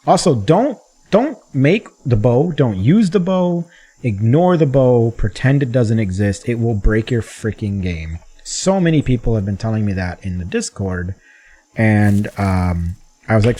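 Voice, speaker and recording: A man casually talking through his gameplay as a gaming channel host, chatty and rambling, getting excited at times. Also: medium pitch, unhurried.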